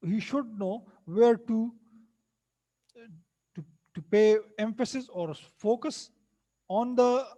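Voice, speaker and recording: High-voiced man lecturing. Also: takes it slowly, long pauses, dark tone, muffled recording. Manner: repeats himself and rephrases, hesitant fillers. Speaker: teacher. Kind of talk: lecture mixing English and Hindi.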